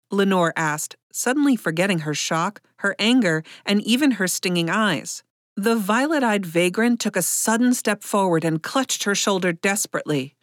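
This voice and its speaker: A woman's voice: on the low side, animated, normal speed, no echo. Woman narrating an audiobook, dry close sound.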